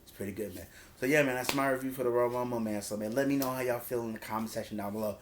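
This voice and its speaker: A man telling a wrestling story like he's chatting with a friend. He's animated and loose, drops into slang and acts out the wrestlers' lines as he goes. The middle of his pitch sits right where most men talk. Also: racing, background noise. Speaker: wrestling reviewer. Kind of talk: casual review recap.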